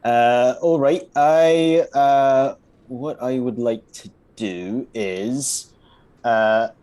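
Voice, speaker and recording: A man's voice: mid-range voice, extremely slow, warm tone. A man playing a tabletop game, hesitant and thinking aloud with many uhs and the odd swear. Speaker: player. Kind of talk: casual tabletop play.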